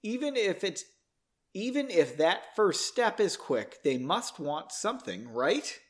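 A man reading a calm, reassuring young man. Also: high voice, a little slow, pitched above the performer's own voice.

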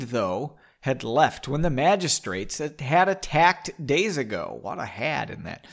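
A man's voice: mid-range voice, sing-song, unhurried, vocal fry, hardly any pauses. A man hosting a podcast, reading a book aloud at home with sarcastic asides. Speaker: podcast host.

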